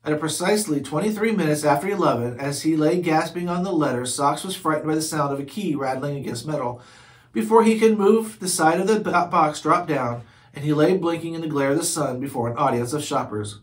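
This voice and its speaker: A man reads a children's chapter book aloud. His narration is steady and clear, and his voice sits a little high for a man. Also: brisk. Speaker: read-aloud host.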